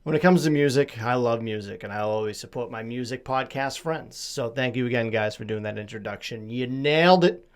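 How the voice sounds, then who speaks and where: A man from Massachusetts hosts a solo podcast, talking casually in a rambling, self-deprecating, jokey way with a slight lisp. His voice sits in the mid range, runs a little fast, and has a clean tone.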